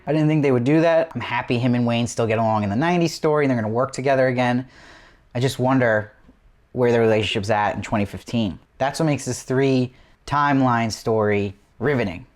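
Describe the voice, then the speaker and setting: A man's voice: mid-range voice, quick pace. A man hosting his own TV review show, recapping an episode eagerly and piling up rhetorical questions. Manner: enthusiastic, asks lots of rhetorical questions. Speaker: TV review host.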